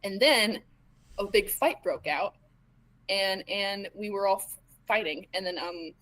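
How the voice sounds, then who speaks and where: A woman, a tabletop role-playing player, retelling events in character in a halting way, with plenty of stammers, fillers and restarts. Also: mid-range voice, a bit bright, rough recording.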